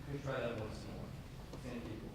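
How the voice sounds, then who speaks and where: Man, orchestra clinician, brisk rehearsal coaching, distant mic, big reverberant hall, strings playing behind. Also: medium pitch, steady tone, very noisy. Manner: brisk, instructive, counts players in and sings phrases. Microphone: distant camera mic. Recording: echoey hall from far off, orchestra audible.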